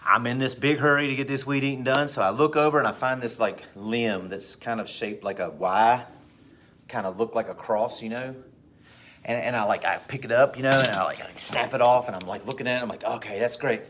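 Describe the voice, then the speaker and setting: Man telling a lively story in class. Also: moderate pace, long pauses, slight background noise. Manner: animated anecdote with big swings in pitch and pace. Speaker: teacher.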